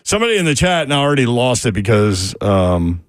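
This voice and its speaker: A man's voice: mid-range voice, big pitch swings, brisk, smooth, no echo. A man hosting a sports radio show, chatting casually and reading listener messages.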